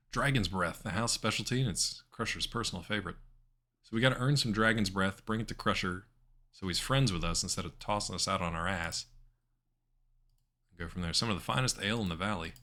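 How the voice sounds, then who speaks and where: A man's voice: sits low, a little fast. A man streaming an adventure game live, chatting wryly and reading the game's text aloud. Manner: wry, chatty, animated asides.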